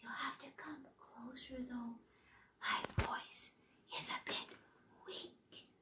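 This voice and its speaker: A woman voicing a hulking, sinister woman in gray robes, with a slow, raspy, menacing whisper, in an echoey room. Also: medium pitch, very animated, far from the mic, heavy background noise, full character voice.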